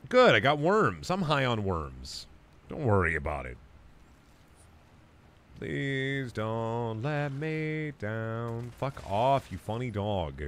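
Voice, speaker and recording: A man's voice: mid-range voice, very animated, slow pace, a bit bright, a little hiss or hum. A young man streaming a game, joking crudely with his chat and muttering asides as he plays. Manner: muttered asides while playing. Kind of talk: casual gaming stream commentary.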